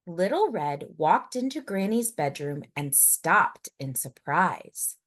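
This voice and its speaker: Unhurried expressive woman storyteller. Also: lowish voice. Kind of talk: picture-book read-aloud.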